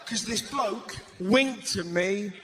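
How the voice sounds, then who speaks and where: A man doing stand-up, telling a story with acted-out voices and shouted punchlines, on a stage mic in front of a laughing audience. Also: high-pitched, takes it slowly, very noisy. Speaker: stand-up comedian. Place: comedy stage before an audience. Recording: live venue with loud audience laughter.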